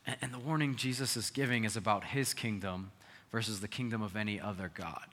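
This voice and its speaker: A man preaching a sermon as pastor, earnest, swinging between loud emphasis and quiet asides. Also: on the low side, brisk. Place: church sanctuary. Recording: long hall reverb.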